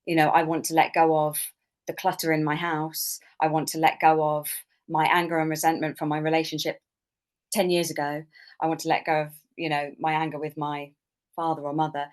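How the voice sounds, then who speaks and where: Woman, deep low voice, podcast guest, earnest, chatty, lots of you know. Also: flat delivery, a little fast. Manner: earnest, explanatory, frequent you know fillers. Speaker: guest, moon ritual teacher. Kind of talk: casual interview talk.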